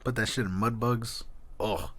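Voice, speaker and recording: A man's voice: on the low side, fairly even intonation, measured pace, noisy background. A man co-hosting a podcast in casual, joking chat, swearing freely. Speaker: podcast co-host.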